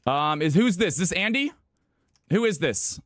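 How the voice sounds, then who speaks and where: Hyped streamer man, bright bouncy voice. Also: high voice, animated, moderate pace, no echo, clean studio sound. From California. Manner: hyped, repeats himself, thanks viewers. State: out of breath. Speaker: streamer hosting viewer games. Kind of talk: live stream chat.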